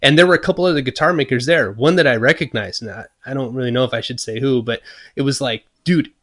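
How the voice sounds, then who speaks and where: Man, guitar maker, casual storytelling, animated, acts out quotes, middle pitch. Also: quick pace. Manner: animated, acts out his own thoughts and quotes; many fillers and restarts. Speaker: guest luthier.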